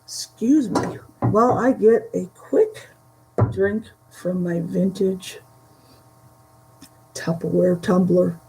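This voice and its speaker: A woman chatting casually through a vintage haul, halting and giggly, her voice starting to go from a dry throat. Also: fairly low pitch, fairly even intonation, mellow, a little hiss or hum, low-quality recording. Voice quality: gravelly, slow and halting. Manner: chatty, giggly, trails off mid-sentence. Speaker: vintage reseller showing a haul. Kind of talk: casual chat to a live audience.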